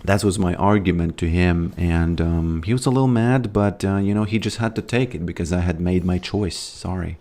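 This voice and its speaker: Low-voiced man rambling over gameplay. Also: moderate pace, hardly any pauses, dark tone. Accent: American. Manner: rambling, loose, with frequent fillers and trailing thoughts. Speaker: streamer. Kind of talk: casual gameplay commentary, reading chat aloud.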